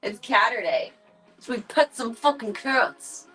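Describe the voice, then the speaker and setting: A woman's voice: on the high side, animated, unhurried, a bit bright, breathy edge, soft background music, low-quality recording. A woman livestreaming from home, chatting casually and cooing playfully at her cats in baby talk.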